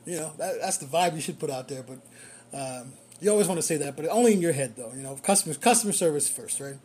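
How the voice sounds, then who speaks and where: A man who works as a rideshare driver, telling a story in a casual, animated way and chuckling often. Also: on the high side, quick pace, slightly rough.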